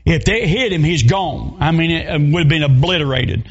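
Southern revival preacher, male, high voice, emotional storyteller who breaks into shouts, slightly muffled recording. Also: moderate pace, breathy edge. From North Carolina. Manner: emotional, rising to shouts in retold scenes. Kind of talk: sermon storytelling.

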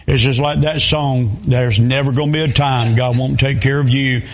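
Preacher, folksy storytelling sermon. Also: male voice, medium pitch, steady tone, moderate pace, muffled recording. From Southern US. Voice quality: folksy, storytelling with dialect grammar. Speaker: pastor.

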